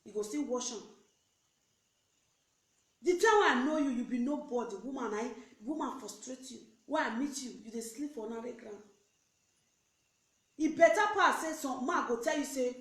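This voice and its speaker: A woman's voice: fairly high pitch, moderate pace, long pauses. Preachy Nigerian woman, echoey room. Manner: animated, preachy, mixes pidgin with English. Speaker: network marketing recruiter. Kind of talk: motivational live video rant.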